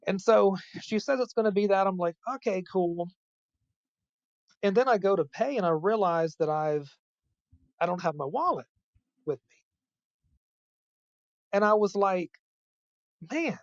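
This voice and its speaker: A man's voice: sits high, no echo. A man guesting on a podcast, telling a personal story in a casual, rambling way full of fillers and restarts. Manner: rambling, filler-heavy, many restarts and "I'm like" quotes. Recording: dull lo-fi dry sound.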